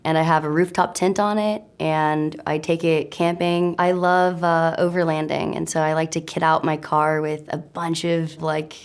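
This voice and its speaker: A young American woman in a casual interview, chatty and self-mocking, laughing often, her voice slightly raspy. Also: low-pitched, level tone, normal speed, hardly any pauses. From United States. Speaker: actor answering web search questions.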